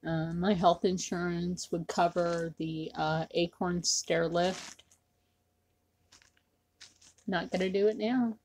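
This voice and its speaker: A woman vlogging to her camera, rambling and circling back to the same points, with fillers between her phrases. Her voice is husky and her delivery is slow and unhurried. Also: fairly low pitch, fairly even intonation, darkish tone. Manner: rambling, repetitive, with many fillers. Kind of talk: casual talk to camera.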